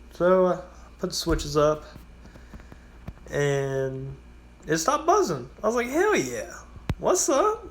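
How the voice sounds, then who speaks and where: With slight background noise, a man with a somewhat high voice tells casual, rambling stories about his gas station job for a vlog. He swears freely and acts out the customers he deals with.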